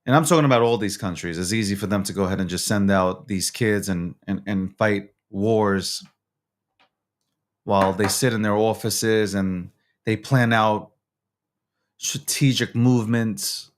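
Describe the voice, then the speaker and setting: A man's voice: fairly low pitch, measured pace. A man hosting a nightly recap show, ranting in an unscripted, profane and agitated way, repeating himself. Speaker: show host. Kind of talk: unscripted news recap and rant.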